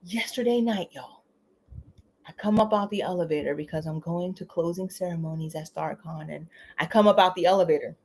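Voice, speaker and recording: A woman hosting a casual live stream, talking in an animated, chatty way, laughing often and tagging lines with "you know" and "okay?". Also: on the low side, brisk, slight background noise. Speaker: livestream host. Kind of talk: casual livestream chat.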